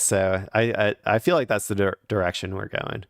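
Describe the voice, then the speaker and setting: A man's voice: on the low side, steady tone, normal speed, hardly any pauses, dry recording, studio quality. A man casually commenting on the news on his stream, rambling and hesitant with many fillers and restarts.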